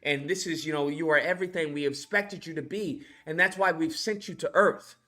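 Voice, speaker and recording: A man's voice: fairly high pitch, a little slow, fairly bright tone, pitched below the performer's own voice. A man doing a grave, solemn alien father. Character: stern alien father commanding his son to conquer.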